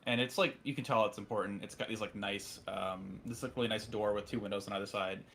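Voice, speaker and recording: Guy running a tabletop game, rapid casual narrating, lots of ums. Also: fairly low pitch, steady tone, gravelly, a bit bright, slight background noise. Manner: rapid, casual, filler-heavy. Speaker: game master.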